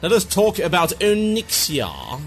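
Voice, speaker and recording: A man's voice: high-pitched, wildly swooping pitch, a little slow, faint music behind. A man hosting a comedic gaming podcast, ranting theatrically and sarcastically. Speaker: podcast host.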